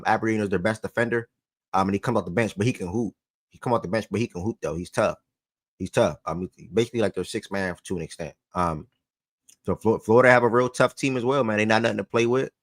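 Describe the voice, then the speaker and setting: A man's voice: fairly low pitch, a bit bright, no room sound. A man hosting a sports talk show in a loose, slangy way, repeating phrases for emphasis and getting worked up.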